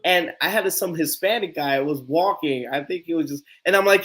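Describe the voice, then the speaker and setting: Host, male, a bit high-pitched, lively storyteller who acts out the dialogue. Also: fast talker, hardly any pauses. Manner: animated storyteller, acts out quotes. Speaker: live stream host. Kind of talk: casual storytelling chat.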